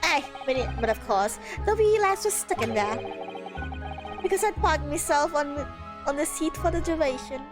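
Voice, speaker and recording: A woman's voice: high voice, animated, moderate pace, over music, voice pushed up. A woman doing a folksy older Irish man. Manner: folksy storytelling with a put-on brogue. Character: older Irish man, genial, self-righteous.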